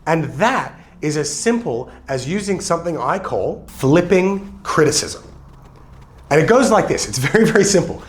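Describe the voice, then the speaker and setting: An energetic man teaches a sales leadership lesson, his pitch sitting a little high and swinging widely as he talks. He drags out the words he wants to land and drops his voice low when he mimics dull or harsh speakers. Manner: energetic, emphatic, slows down to stress key words.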